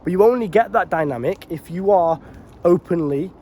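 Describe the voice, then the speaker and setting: A man's voice: high-pitched, animated, normal speed, dark tone, a little hiss or hum. A man giving dating advice in a casual, unscripted rant, blunt and swearing freely, calling his listeners bro.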